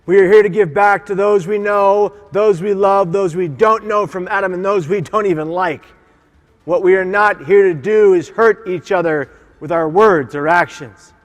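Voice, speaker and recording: Male keynote speaker, high-pitched, passionate and emphatic, in a big reverberant conference hall. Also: normal speed, soft background music. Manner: impassioned, emphatic, leads audience call-and-response. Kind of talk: motivational keynote speech.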